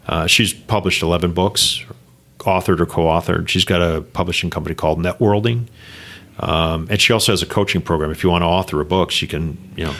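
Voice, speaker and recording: A man's voice: deep voice, fairly quick, fairly bright tone. A middle-aged man speaking as a podcast guest in casual chat, rambling and upbeat, often tagging lines with "right?" and "you know".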